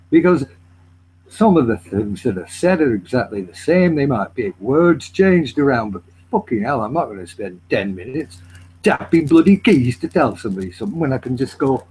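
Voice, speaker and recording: Brief: Canadian man, mid-pitched, blunt casual rant, sweary. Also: a little mellow, a little hiss or hum, low-quality recording. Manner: blunt, ranting, swears freely. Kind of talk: casual chat.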